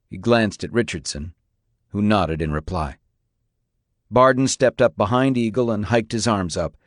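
A man narrating an audiobook in a steady, even storytelling voice. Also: fairly low pitch, no room sound, studio quality.

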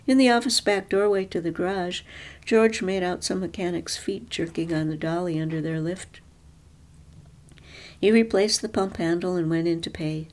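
A woman reads a story aloud in a measured, even storyteller's manner. Her narration moves steadily between the spoken lines. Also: fairly low pitch.

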